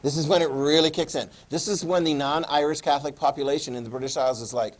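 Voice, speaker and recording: Lecturing on history, this male teacher talks fast with hardly any pauses, his slightly high voice keeping a steady tone. He's chatty and keeps asking the class questions.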